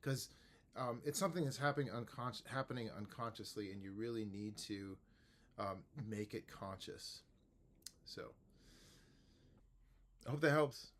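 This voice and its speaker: A man who teaches music, explaining a method to the camera in a relaxed, rambling way with many fillers and restarts. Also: fairly low pitch, measured pace, pauses often, slight background noise. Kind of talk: casual instructional talk to camera.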